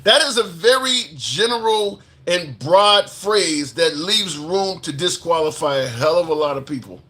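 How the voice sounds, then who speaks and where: A man's voice: on the high side, lively intonation, measured pace, bright, forceful tone. A man hosting a live political commentary stream, reading viewer comments and speaking indignantly, repeating phrases for emphasis.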